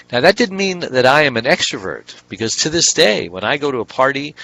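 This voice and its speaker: A man's voice: lowish voice, pushed and bright, low-quality recording. Rambling middle-aged man telling stories. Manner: rambling, acts out little dialogues in other voices. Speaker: author and motivational speaker. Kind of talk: casual anecdotal monologue.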